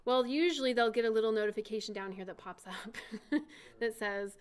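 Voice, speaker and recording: A woman giving a chatty software lesson, talking through each click and keystroke as she demonstrates. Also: mid-range voice, normal speed, clear, resonant tone. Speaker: CAD instructor.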